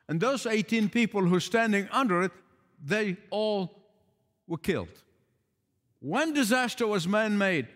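A man's voice: high-pitched, fairly bright tone, big-room sound. A man preaching a sermon in an emphatic, pleading way, repeating key phrases for weight. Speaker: pastor.

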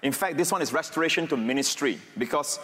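A man preaching a sermon in a big hall, his fairly high voice ringing off the walls. He climbs to raised, emphatic peaks, then drops to hushed, low, intimate passages. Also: quick pace. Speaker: pastor. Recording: reverberant hall.

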